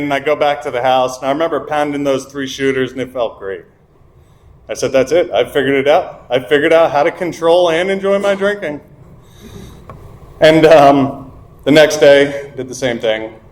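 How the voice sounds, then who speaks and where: A young man telling a frank, self-mocking story of his drinking to a recovery meeting, acting out what people said. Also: medium pitch. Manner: candid and self-mocking, quotes people in dialogue. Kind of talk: personal recovery story told to a group. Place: meeting room. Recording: echoey meeting room.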